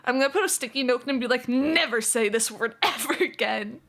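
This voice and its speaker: A young woman chatting casually on a live stream, talking fast, giggling and fretting over how she pronounces words. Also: sits high, a bit bright. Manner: fast-talking, giggly, self-conscious about her pronunciation.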